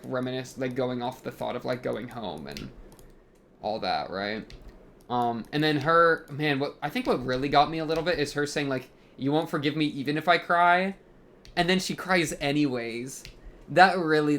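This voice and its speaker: A man's voice: medium pitch, slight background noise. A young man hosting an anime reaction, talking casually and rambling, full of fillers as he thinks aloud.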